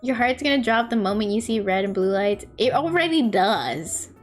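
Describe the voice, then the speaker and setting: A young woman streamer with a high, bouncy voice that swoops up and down as she tells rambling, self-mocking stories. She chats casually while drawing, and faint music plays behind her. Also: animated, moderate pace.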